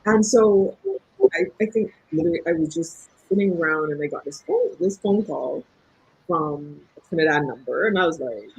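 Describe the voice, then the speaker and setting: Very husky woman. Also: on the low side, normal speed, poor audio. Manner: animated, laughing anecdotes. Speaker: guest author. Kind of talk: casual interview storytelling.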